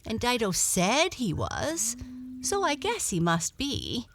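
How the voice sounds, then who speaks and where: A woman's voice: fairly high pitch, huge pitch swings, slow pace, a bit bright, slight background noise, voice pushed up, heavily acted. A woman voicing a timid lost little cat. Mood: earnest. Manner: pleading, earnest. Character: small lost female cat, timid, tired and hungry.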